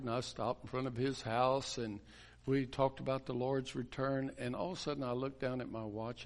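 A man's voice: medium pitch, a little mellow. A man, a pastor, telling a story in a sermon in a folksy way, chuckling and restarting his sentences.

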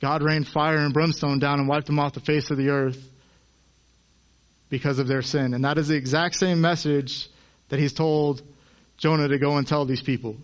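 A man's voice: a little high, little pitch movement, normal speed, dull audio. A man preaching a sermon in an earnest way, his voice rising as he acts out the people in the stories.

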